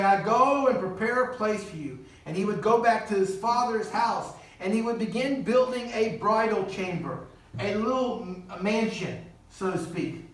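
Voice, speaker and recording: A man preaching a sermon as guest speaker, earnest and storytelling, acting out quoted voices. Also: sits high. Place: church sanctuary. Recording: roomy church hall, distant mic.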